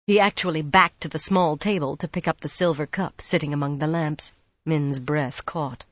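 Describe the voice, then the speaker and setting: An audiobook narrator reading fantasy prose in a steady, measured voice at a middle pitch. The recording is dry and close with no room sound. It comes across somewhat dull and lo-fi. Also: no echo.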